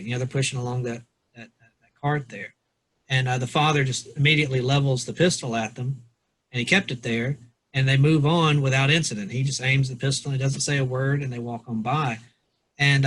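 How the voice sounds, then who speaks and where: Male podcast co-host, husky, mid-pitched, rambling casual talk. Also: a bit bright. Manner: loose, rambling, reads quotes aloud with restarts. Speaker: podcast co-host, pastor or lawyer. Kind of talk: casual book discussion.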